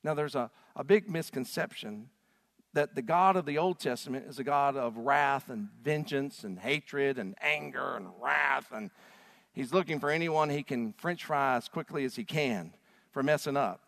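A man preaching a sermon as a pastor, swinging from hushed lines to loud call-and-response with the congregation. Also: medium pitch, normal speed, vocal fry, in a large hall.

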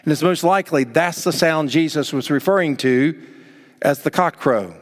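A man's voice: on the high side, normal speed. A man preaching a sermon, reading scripture and acting out its quotes with dramatic emphasis. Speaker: pastor. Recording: long hall reverb.

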